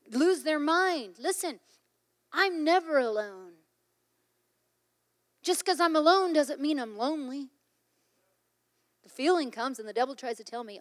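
A woman's voice: high voice, long reverb tail. A middle-aged woman preaching a sermon in a conversational, emphatic way, often acting out little exchanges of dialogue.

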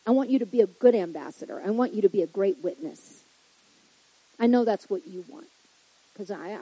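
A woman's voice: mid-range voice, dark tone, slightly rough, no echo, poor audio. A woman pastor preaching to church leaders in a conversational way, often checking in with her listeners and acting out little quoted exclamations.

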